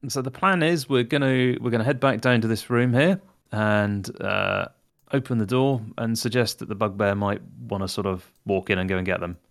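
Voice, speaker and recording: A man's voice: lowish voice, steady tone, moderate pace. A man playing a tabletop game, talking casually and often searching for words. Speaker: player.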